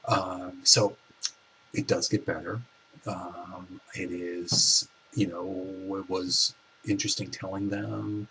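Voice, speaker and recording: A man in his forties telling a personal story in a soft-spoken, reflective way, with halting restarts. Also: deep voice, level tone, a little hiss or hum, rough recording. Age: 40s. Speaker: vlogger.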